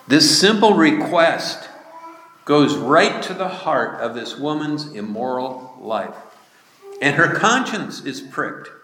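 Man, preacher, measured sermon delivery, mid-pitched voice, roomy echo. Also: fairly bright tone, a little hiss or hum. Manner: slow, deliberate preaching with emphatic rises. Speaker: pastor. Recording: echoey hall.

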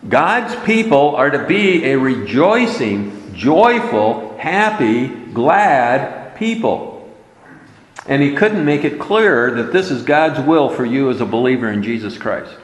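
Slow, animated male preacher in an echoey hall. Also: medium pitch. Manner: emphatic, repeating key words. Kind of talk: sermon.

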